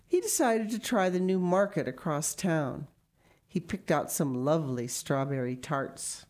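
Woman, storybook reader, expressive, low voice, slow pace. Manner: lively, expressive read-aloud with asides. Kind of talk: reading a picture book aloud.

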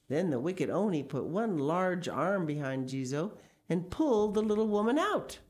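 Low-voiced woman reading a storybook aloud. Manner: expressive, slow read-aloud with asides. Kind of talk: reading a picture book aloud.

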